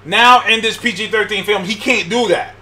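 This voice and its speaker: A man with a high, bright voice in loose, casual conversation. He talks with excitable energy, laughs often and swears freely as he spins out his ideas. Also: moderate pace. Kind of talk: casual chat.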